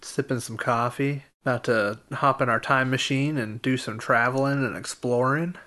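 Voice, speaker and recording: A man co-hosting a casual history podcast, chatting easily and then reading history segments in an even, informative way. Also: medium pitch, normal speed. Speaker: podcast co-host.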